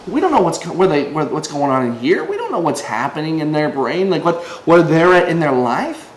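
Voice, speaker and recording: An online preacher gives a casual devotional video talk, rambling conversationally, restarting often, and acting out the voices of people he quotes. His voice is fairly high with big pitch swings, and he talks a little fast with hardly any pauses. The room is echoey, with faint ambient noise.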